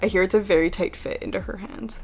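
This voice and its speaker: A young woman chatting excitedly at home as she unboxes collectible figures, with lots of "like" in her talk. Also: mid-range voice, fast, faint music behind. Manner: excitable and chatty, heavy use of "like". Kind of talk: casual unboxing chat. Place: home room with a PC.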